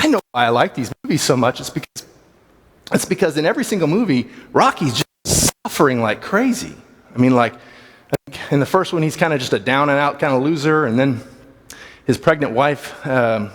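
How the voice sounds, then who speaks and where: Casual man teaching a church class. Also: mid-range voice. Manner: casual, plain-spoken, thinking aloud. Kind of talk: conversational Bible class talk. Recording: long hall reverb.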